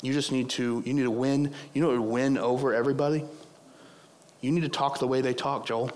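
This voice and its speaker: A hoarse man acting out a sly male devil who pushes and coaxes, in a sermon. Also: mid-range voice, fairly even intonation, a little fast, darkish tone, close to an everyday voice. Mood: persuasive. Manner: coaxing, pushy. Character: sly male devil tempting with smooth persuasion.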